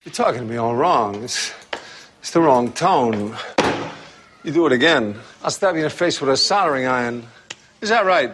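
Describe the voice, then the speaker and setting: A man's voice: medium pitch, lively intonation, normal speed, long pauses, noisy background, natural voice. An actor playing a tough guy who picks a fight and makes threats. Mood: menacing. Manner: threatening, taunting.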